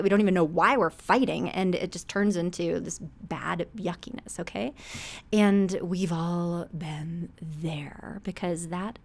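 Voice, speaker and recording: A woman therapist hosting an advice podcast, talking conversationally and acting out everyday scenes. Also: lowish voice. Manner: animated, acts out everyday scenes; warm, conversational, with frequent "okay?" check-ins. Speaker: couples therapist and podcast host.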